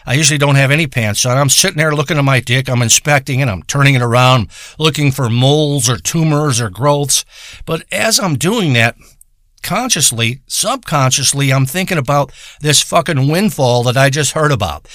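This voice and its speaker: Bright, crude-talking man telling a story. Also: mid-range voice, normal speed, dry recording, clean studio sound. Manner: profane, crude and deadpan storytelling. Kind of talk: rambling comedic monologue.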